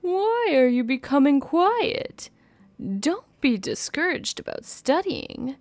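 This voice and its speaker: A woman voicing a caring older princess who gently coaxes her niece in a slow, lilting voice. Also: high-pitched, very animated, no room sound, pitched above the performer's own voice, full character voice. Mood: coaxing.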